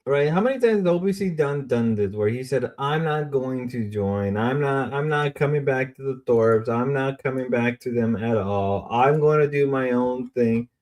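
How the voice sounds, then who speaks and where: A young man streaming casual commentary, rambling and swearing, repeating himself and swinging between mumbling and loud outbursts. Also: mid-range voice, moderate pace, hardly any pauses.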